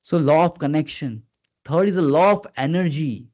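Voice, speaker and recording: A man leading a live online training session as a communication skills trainer, earnest and coaxing, who keeps prompting his listeners and swings his pitch up and down on purpose. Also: moderate pace, a little mellow. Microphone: video call. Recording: dull lo-fi video call audio.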